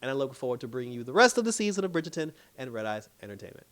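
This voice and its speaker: Host, male, mid pitch, loose and chatty, laughs a lot, does little character bits mid-recap. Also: sing-song, rapid-fire, fairly bright tone. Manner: chatty, laughs often, acts out characters' lines. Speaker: TV episode reviewer. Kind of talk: casual recap chat.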